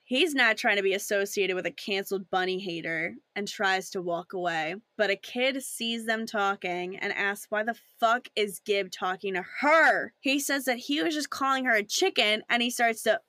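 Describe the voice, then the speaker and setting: A woman's voice: medium pitch, moderate pace, few pauses, bright, forceful tone, dry recording. A woman co-hosting a casual podcast, playfully narrating the plot of a sitcom episode with asides. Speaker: podcast co-host. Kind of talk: casual recap chat.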